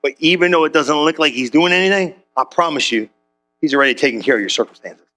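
A man's voice: quick pace, faint music behind. A man preaching as a pastor, telling a story with slang and acting out every voice in the dialogue. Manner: animated, slangy, acts out dialogue with big pitch jumps. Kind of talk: comedic storytelling sermon.

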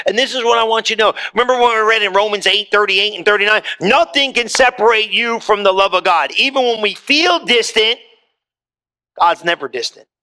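A middle-aged man preaching a sermon from the pulpit. His voice sits high and sounds bright and forceful. He repeats phrases and drops into slow, low stretches for emphasis. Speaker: pastor.

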